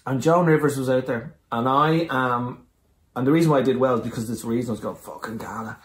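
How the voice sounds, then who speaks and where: A man from Ireland, a comedian guest telling anecdotes in casual chat, animated and swearing freely. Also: mid-range voice, fast. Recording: echoey room.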